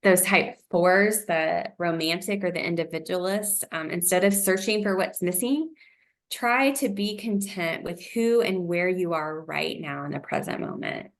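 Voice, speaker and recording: Woman, lower voice, encouraging wellness lesson presenter, gentle delivery. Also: measured pace. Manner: gentle, encouraging, uses fillers like um.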